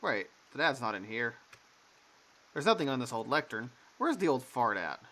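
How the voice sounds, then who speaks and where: A man's voice: mid-range voice, very animated, moderate pace, pushed and bright. A man giving casual, joking commentary while playing a game. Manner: joking, offhand. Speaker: let's play gamer.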